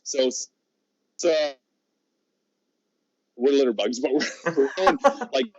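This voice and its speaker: Speaking slowly with lively intonation at a medium pitch, a guest who wrestles professionally rambles through a lengthy tale on a podcast. He laughs a lot and keeps starting his sentences over, and the recording sounds slightly muffled.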